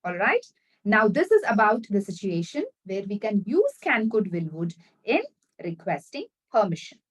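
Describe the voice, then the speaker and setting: A woman teaching business English in an online lesson, repeating example sentences slowly and checking that viewers follow. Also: mid-range voice, big pitch swings, husky, far from the mic, rough recording. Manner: addresses viewers directly, checks understanding.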